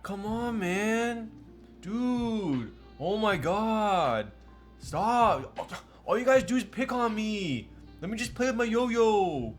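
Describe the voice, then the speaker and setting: A man's voice: high voice, sing-song, slow, faint music behind, pitched above the performer's own voice, full character voice. A man doing an impression of a whiny young male friend who complains that everyone picks on him.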